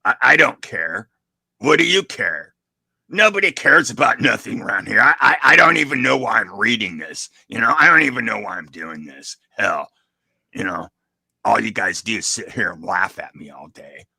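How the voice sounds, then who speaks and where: Man, gravelly, raspy, stammering, grumbly rant, dry close sound. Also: fairly low pitch, big pitch swings, moderate pace, bright, forceful tone, dry recording. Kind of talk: comedic group reading.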